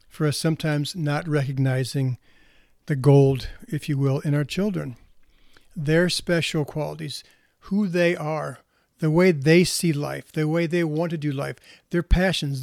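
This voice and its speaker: A man's voice: a little high, vocal fry, a little mellow, dry recording, clean studio sound. A man speaking earnestly as a counselor to parents, often restarting and repeating words as he talks. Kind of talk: reflective spoken talk.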